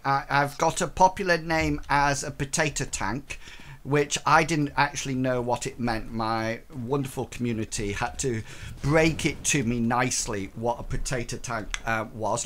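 A man's voice: mid-range voice, unhurried, a bit bright. A man from the UK chatting playfully to viewers while streaming a game, joking and poking fun at himself. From United Kingdom. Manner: playful, self-mocking, chatty. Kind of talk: casual game stream chat.

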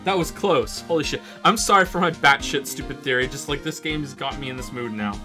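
A man streaming a game and commenting casually, rambling into excited asides and swearing freely. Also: mid-range voice, a little fast, music in the background. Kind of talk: casual live gameplay commentary.

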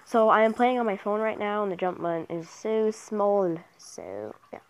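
A woman's voice: mid-range voice, moderate pace. A young woman commentating her mobile game casually, cheering and trash-talking other players. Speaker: gamer commentator.

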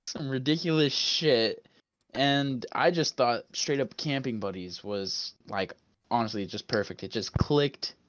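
Casting: young male co-host, bright forceful tone, rowdy banter, dry close sound. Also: medium pitch, unhurried, dry recording. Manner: joking, loud, swears freely, puts on a radio host voice. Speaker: podcast co-host. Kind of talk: casual chat.

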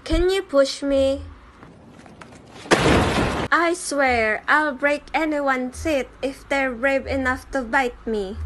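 A woman dubbing a comic on her own, giving voice to every character and switching between them in quick bits of dialogue. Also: high-pitched. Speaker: fan comic dubber. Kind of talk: fan dub of comics, voicing every character.

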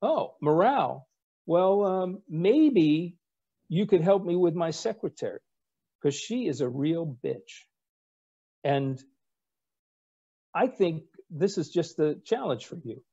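A man putting on the voice of a gruff, sarcastic elderly navy admiral, needling and abrupt, in a strained accent. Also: a little high, expressive, slow pace, long pauses, dark tone, dull audio, voice pushed up, heavily acted. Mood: scheming.

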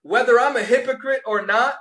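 A man's voice: very high-pitched, a little fast, echoey room, noisy background. A man rebuking a caller, taunting and sarcastic in a preachy rant. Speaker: religious video host.

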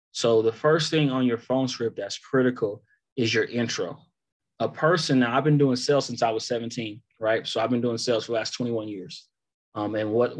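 Man in his thirties coaching sales calls. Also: mid-range voice. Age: 30s. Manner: coaching, repetitive emphasis, demonstrating lines. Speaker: sales trainer. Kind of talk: live phone sales training.

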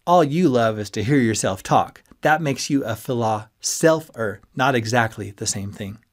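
A man's voice: fairly low pitch, animated, normal speed. A man voicing a cocky, scheming young male college student who teases and mocks his friends in an audiobook. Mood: mocking. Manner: teasing, loud and mocking.

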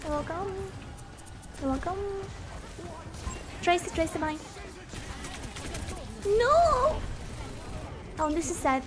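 A young woman streaming a game, chatting casually, sleepy, chatty and loudly reacting to the play. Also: high voice, measured pace, pauses often, over music. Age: young adult. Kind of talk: casual gameplay chat.

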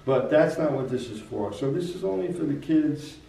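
A saxophone teacher and player chats informally about jazz articulation, repeating words frequently as he explains. His fairly high voice is gravelly and warm, animated, at a moderate pace. The sound is roomy and distant from the mic, with slight background noise.

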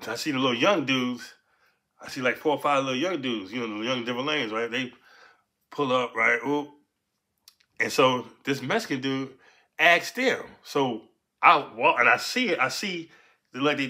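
Man, bright tone, laid-back storytelling, street slang, keeps asking "right?". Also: mid-range voice. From Los Angeles. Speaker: storyteller recounting his past. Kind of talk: casual spoken storytelling.

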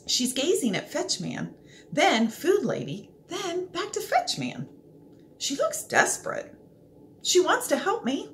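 A woman reads a children's book aloud in a playful, expressive way. Her fairly high voice rises and falls animatedly. There is a faint hiss in the background. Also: normal speed. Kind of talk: storybook read-aloud.

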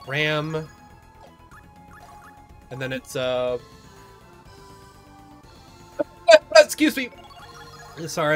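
A man's voice: medium pitch, fairly bright tone. A young man casually rambling through let's-play commentary, self-deprecating and swearing often. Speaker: gamer. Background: game music.

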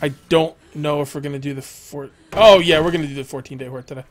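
A man's voice: on the high side, fairly even intonation, fast talker. A young man chatting casually on a game live stream, rambling, laughing often and reading viewers' messages aloud.

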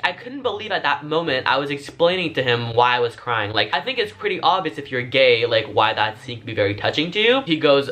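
Bright-voiced chatty young guy vlogging. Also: mid-range voice, very animated, a little fast, hardly any pauses. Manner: chatty, filler-heavy, frank and profane. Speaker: vlogger telling a story. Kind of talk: casual storytime monologue.

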